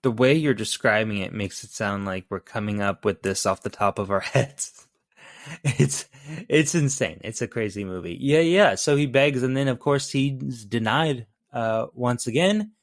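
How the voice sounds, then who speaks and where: A man in casual podcast chat, laughing and animated as he acts out lines from a film. His mid-pitched voice sounds dry and close, with no room echo. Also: normal speed. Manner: animated, laughing while quoting scenes. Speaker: podcast co-host.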